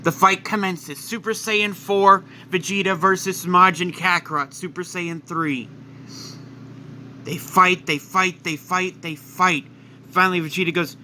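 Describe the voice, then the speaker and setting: A man narrating a fan-made story in quick, excitable storytelling. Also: a little high, a little hiss or hum. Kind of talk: casual fan-fiction narration.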